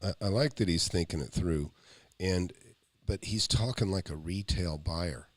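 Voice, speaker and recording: A man's voice: deep voice, measured pace, dry recording. An American man, a real estate investor, rambling through a casual commentary and telling stories. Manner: rambling, storytelling, animated when quoting.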